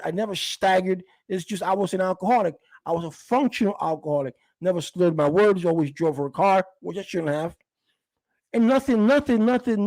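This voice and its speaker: A middle-aged man with a high, darkish voice recounts a past relationship in a rambling, casual way, restarting often and quoting dialogue. There is no room sound.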